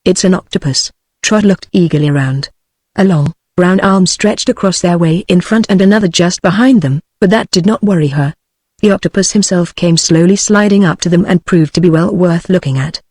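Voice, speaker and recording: A British woman's synthetic voice reading an audiobook in an even tone. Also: lowish voice, moderate pace, dry recording. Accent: British English. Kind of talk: text-to-speech audiobook narration.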